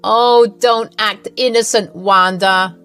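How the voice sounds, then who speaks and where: A woman's voice: medium pitch, fairly even intonation, takes it slowly, fairly bright tone, clear, resonant tone, no echo, faint music behind, pitched above the performer's own voice. A woman voicing a smug, scheming middle-aged mother-in-law in a storybook narration. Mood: gloating.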